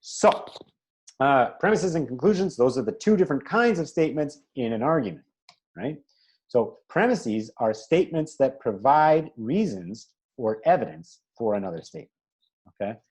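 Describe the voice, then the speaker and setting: A man teaching an informal class, his pitch rising and falling a lot as he explains. He talks in a chatty way and checks in with his students often. He sometimes stops to correct himself and restarts a sentence. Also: animated, normal speed, darkish tone, husky. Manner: chatty, checks in with "right?" and "okay?"; self-correcting, with fillers and restarts.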